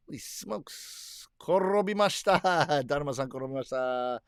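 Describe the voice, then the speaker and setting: A middle-aged man with a fairly high voice hosts a casual livestream, reading out viewer comments and answering them with easy laughs. The sound is close and dry, with no room around it. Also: expressive, normal speed, clear, resonant tone, no echo. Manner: chatty, laughs often, reads comments aloud and answers them.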